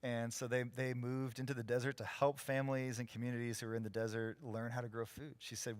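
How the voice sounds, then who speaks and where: Man, pastor, storytelling sermon, lively, acts out quotes, dry close mic. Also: mid-range voice, a little fast, few pauses, no room sound. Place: church sanctuary, live.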